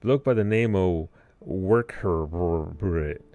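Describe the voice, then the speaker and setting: A man voicing a gruff pirate-talking sailor while reading game dialogue aloud, with a rough drawl and dropped word endings. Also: low voice, takes it slowly, mellow, dry recording.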